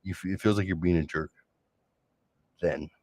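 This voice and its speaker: A man's voice: low-pitched, fairly even intonation, moderate pace, darkish tone, dry recording. A man hosting a solo show, telling a rambling personal story in a sarcastic, casual way with frequent restarts. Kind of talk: casual monologue.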